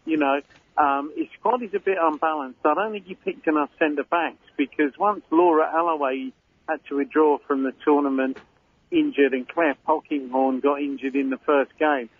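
An older man with a Cockney accent talks football as a radio pundit, rambling through his points with plenty of "you know" and "uh". His voice is a little husky, and it comes through a narrow, tinny phone line. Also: on the high side, steady tone, moderate pace. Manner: chatty, rambling analysis with fillers. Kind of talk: casual radio chat.

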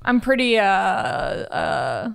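A woman's voice: mid-range voice, sing-song, extremely slow, gravelly. A young woman chatting casually as a podcast guest, wry, trailing off with lots of fillers. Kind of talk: casual chat.

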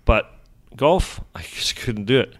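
A man's voice: medium pitch, animated, unhurried. A man in his fifties, a golf journalist chatting as a podcast guest with dry, self-deprecating humor. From Scotland. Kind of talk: casual interview chat.

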